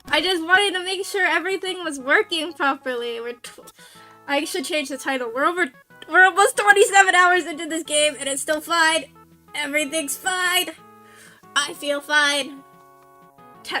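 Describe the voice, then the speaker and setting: Bright, high-pitched playful woman streamer. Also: normal speed, soft background music. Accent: New Jersey. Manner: playful, laughs often, teasing chat. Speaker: VTuber streamer. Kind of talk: casual live-stream chat.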